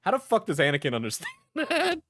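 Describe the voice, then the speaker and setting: A man's voice: high voice, wildly swooping pitch, a little fast, a bit bright, slight background noise. A man streaming a casual reaction video, joking, laughing and swearing as he comments.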